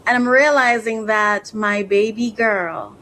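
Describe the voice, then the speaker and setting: A woman's voice: medium pitch, takes it slowly, pushed and bright, a little hiss or hum, rough recording. A woman hosting a podcast, talking earnestly and reflectively, often repeating herself and getting emotional. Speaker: podcast host.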